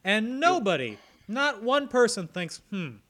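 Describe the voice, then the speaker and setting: A man's voice: high-pitched, very animated, a little slow, sharp tone. A man hosting a casual podcast, joking his way through a movie plot summary he reads aloud. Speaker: podcast host.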